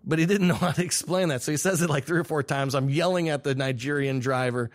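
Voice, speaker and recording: A young man, a filmmaker guest, telling an animated story with laughs and quick restarts. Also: fairly high pitch. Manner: excitable, laughing, restarts mid-sentence.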